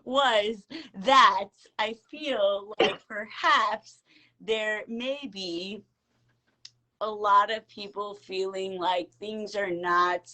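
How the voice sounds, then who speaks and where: A woman co-hosting a casual live-stream podcast, talking slowly and hesitantly. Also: medium pitch, bright, forceful tone. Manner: giggly, fits of laughter; slow, hesitant. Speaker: podcast co-host.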